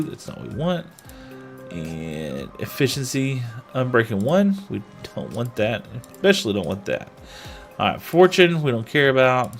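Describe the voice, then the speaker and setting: A man streaming a game, chatting with viewers and telling a long anecdote in a casual, animated way. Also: medium pitch. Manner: chatty, animated storyteller who talks to chat. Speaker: gaming livestreamer. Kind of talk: casual chat and storytelling while gaming.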